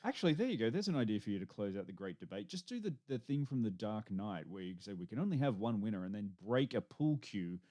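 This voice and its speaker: A man's voice: on the low side, very animated, fast, hardly any pauses, dark tone. A man co-hosting a podcast, joking and teasing his co-hosts in casual chat. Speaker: podcast co-host.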